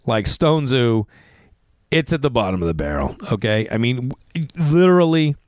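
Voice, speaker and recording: A man's voice: medium pitch, sing-song, normal speed, no echo, studio quality. Rambling Boston man telling stories. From Massachusetts. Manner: rambling, profane, many "like" fillers. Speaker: comedian and podcast host. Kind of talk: casual storytelling. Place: garage.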